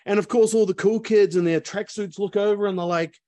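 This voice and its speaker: A chatty man spinning a yarn over a video call, peppering his talk with asides. His voice sits a little high, and the sound is close and dry with no room behind it. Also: steady tone, a little fast, warm tone, dry recording. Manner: chatty, lots of fillers and asides. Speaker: speaker. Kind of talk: casual storytelling talk.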